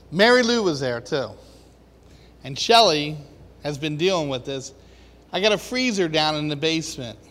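A man's voice: on the high side, fairly bright tone. A man in the congregation telling a chatty, casual testimony at a church service. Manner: chatty, laughs through his story. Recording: echoey hall with long reverb.

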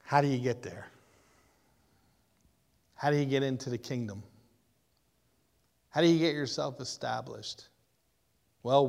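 A man with a gravelly, medium-pitched voice preaches a sermon straight to his congregation, building up to impassioned cries, with the long reverb of a large hall around him.

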